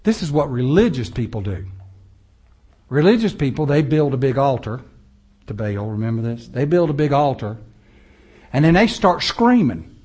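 A man preaching a sermon, animated and conversational, acting out people's prayers and mocking voices as he goes. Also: medium pitch, normal speed, pauses often, breathy edge, lo-fi sound. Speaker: pastor.

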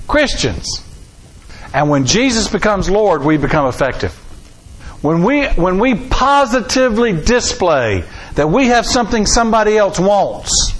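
Animated high-voiced preacher man. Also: rough recording. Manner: folksy, animated preaching with rising emphasis. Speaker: pastor. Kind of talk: sermon.

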